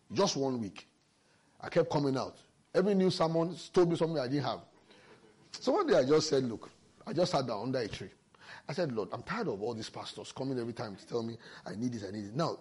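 A man's voice: mid-range voice, slightly rough. A man preaching a sermon, explaining scripture with emphasis and personal stories. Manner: lively, emphatic Bible exposition with personal stories.

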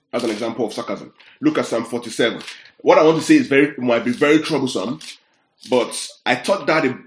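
A man's voice: mid-range voice, a little hiss or hum. Emphatic preacher, a man with a roomy echo. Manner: emphatic, checks in with the listeners often. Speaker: preacher teaching scripture. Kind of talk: Bible-teaching sermon. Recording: roomy echoey sound.

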